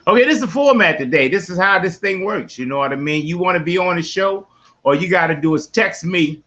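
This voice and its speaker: A man with a Baltimore accent hosts a casual sports podcast from his home man cave. His voice is bright, forceful and a bit high for a man, and he talks in loud, slangy, folksy bursts. The sound is a little dull and lo-fi. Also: animated, a little fast. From West Baltimore. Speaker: podcast host.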